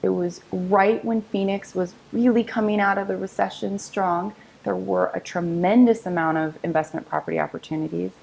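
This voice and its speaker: A woman's voice: mid-range voice, moderate pace, vocal fry, hardly any pauses, poor audio. A woman, a real estate agent in her thirties, telling her career story as an interview guest in an upbeat, storytelling way and acting out what others said. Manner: upbeat, storytelling, quotes others in lively voices. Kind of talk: interview conversation.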